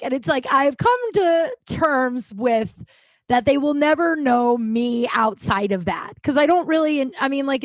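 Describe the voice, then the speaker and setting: A woman's voice: fairly high pitch, dry recording. A woman hosting her own podcast, telling a long, rambling story in a casual, profane, self-deprecating way. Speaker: podcast host.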